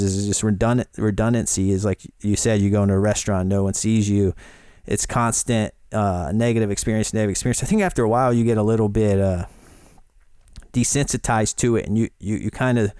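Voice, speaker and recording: Man with a smooth, clear voice. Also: lowish voice, a little mellow, dry recording, clean studio sound. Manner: thoughtful and hesitant, restarting sentences. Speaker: podcast co-host and guest. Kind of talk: casual discussion.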